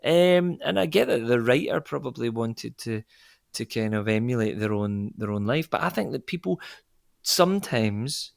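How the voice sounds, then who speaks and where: A Scottish actor answering an interview question in a casual, rambling way, often correcting himself and laughing. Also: male voice, mid-range voice, animated, normal speed, vocal fry, no echo, studio quality. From Scotland. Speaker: actor guest.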